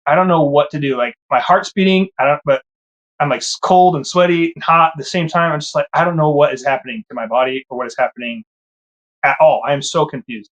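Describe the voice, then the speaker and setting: A man telling his own story in a casual, animated way, acting out his past thoughts with sudden rises in pitch.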